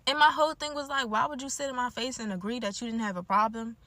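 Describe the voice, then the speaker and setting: Speaking quickly in a fairly high voice, a young woman in her twenties tells a blunt, animated storytime packed with slang and "like." She has the DMV African American English accent of her home area.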